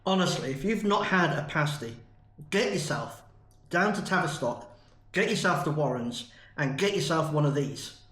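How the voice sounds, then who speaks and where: A man's voice: a little high, lively intonation, moderate pace, a bit bright, reverberant. A man from the UK in a chatty, enthusiastic food review vlog. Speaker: food vlogger.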